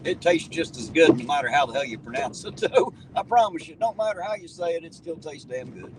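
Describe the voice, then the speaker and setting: A man's voice: fairly high pitch, lively intonation, a little fast. A man, hosting a casual livestream and reading viewer comments in a folksy, swearing, chuckling way. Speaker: livestream host reading chat. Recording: distant mic with loud traffic noise.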